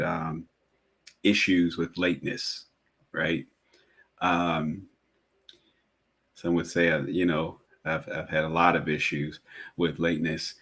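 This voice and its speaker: Brief: low-voiced man, podcast guest, reflective and candid. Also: fairly bright tone. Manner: reflective, thinking aloud with many fillers. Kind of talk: casual podcast chat.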